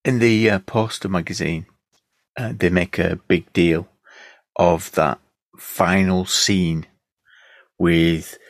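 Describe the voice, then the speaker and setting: Male podcast co-host, very low voice, dry close sound, casual film talk. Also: fairly even intonation, slow, long pauses, dry recording. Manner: reads review excerpts aloud, thoughtful.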